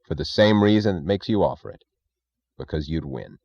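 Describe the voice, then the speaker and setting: A man reading an audiobook, voicing a calm, defiant male captive who speaks in a cool, measured, incisive way. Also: rumbling low, creaky, no room sound, highs cut off, exaggerated voice. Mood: cold.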